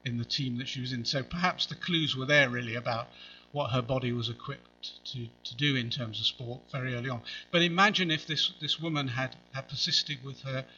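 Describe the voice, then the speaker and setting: A man's voice: mid-range voice, pushed and bright, muffled recording, slight background noise. A man preaching a sermon in a conversational way, with wry asides.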